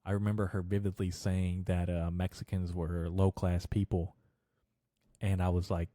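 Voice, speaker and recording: A man's voice: deep voice, steady tone, moderate pace, mellow, dry recording, clean studio sound. Rambling, foul-mouthed young podcast guy. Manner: rambling, crude, swears a lot, laughs at own jokes. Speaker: podcast host. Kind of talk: casual solo podcast rant.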